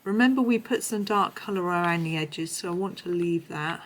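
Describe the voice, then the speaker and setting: A woman with a hoarse voice, chatting her way through a colouring tutorial in a meandering, self-correcting manner. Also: fairly low pitch, normal speed, poor audio. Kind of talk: casual tutorial narration.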